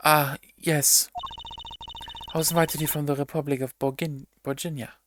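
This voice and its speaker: A streamer voicing a serene foreign woman singer with a put-on foreign accent, speaking in a calm, formal, measured way, over noisy audio. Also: medium pitch, close to an everyday voice.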